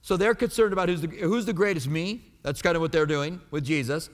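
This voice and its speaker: A man's voice: a little high, a little fast, long reverb tail. A man preaching a sermon as a pastor. He teaches from the Bible in an emphatic, conversational way.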